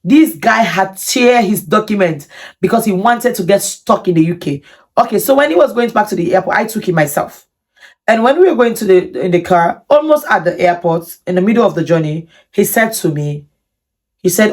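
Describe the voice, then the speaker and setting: A woman vlogger telling a personal story to camera in an animated, indignant way, with many repetitions. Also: medium pitch, moderate pace. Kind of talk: storytime vlog.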